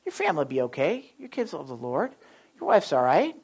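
A man voicing a coaxing male tempter spirit in a sermon, speaking in a low, quiet murmur. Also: huge pitch swings, a little fast, slightly rough, heavily acted.

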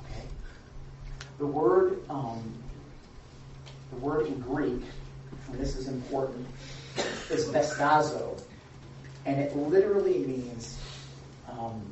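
A woman's voice: low voice, dark tone, slight background noise. A woman preacher giving a candid, conversational sermon with frequent restarts, recorded from a distance in a church hall. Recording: echoey dull recording from a distance.

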